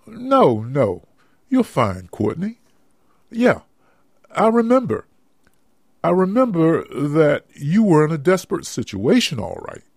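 A man's voice: on the high side, huge pitch swings, slow, gravelly, pauses often, darkish tone, husky, dry recording, studio quality, full character voice. A man voicing a sheepish, lovestruck married man in an amateur audio drama, speaking earnestly. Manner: earnest, swooping intonation.

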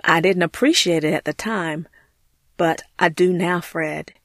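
A woman's voice: on the low side, a little slow, a bit bright, dry recording, studio quality. A woman voicing an earnest, grateful churchgoing woman in an amateur audio drama, speaking heartfelt and sincere. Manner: heartfelt, earnest, often says his name.

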